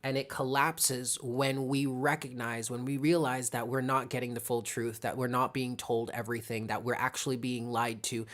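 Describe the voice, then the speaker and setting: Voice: mid-range voice, level tone, normal speed, few pauses, fairly bright tone. A tarot reader giving a live reading to viewers, talking casually, thinking aloud, greeting viewers by name and often checking in with "okay?". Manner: addresses chat viewers by name.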